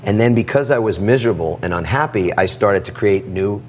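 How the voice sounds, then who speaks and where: A middle-aged man telling a personal story in an interview, animated and acting out the dialogue. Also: fairly low pitch, a little fast, slight background noise. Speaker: guest.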